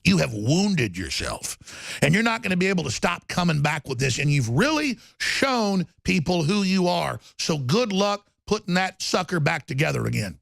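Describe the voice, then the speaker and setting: A man hosting a political talk show, delivering an angry rant with shouting and repeated lists. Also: a little high, big pitch swings, moderate pace, vocal fry, no room sound. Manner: ranting, often shouting, repetitive lists.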